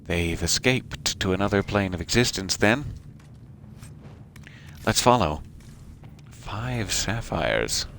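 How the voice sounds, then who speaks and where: A man hosts a let's play, chatting casually over the game with a joking, self-deprecating manner. His voice sits a little on the low side. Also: animated, slow pace, gravelly, long pauses, fairly bright tone, slight background noise. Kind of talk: casual gameplay commentary.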